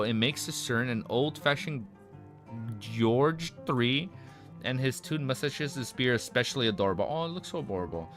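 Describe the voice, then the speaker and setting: Raspy guy streaming a novel read-aloud, trips on words, redoes lines, quiet music underneath. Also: mid-range voice. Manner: stumbles over words and rereads lines, breaks off into excited asides. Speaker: streamer reading a web novel aloud and reacting. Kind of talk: casual reading with live reactions.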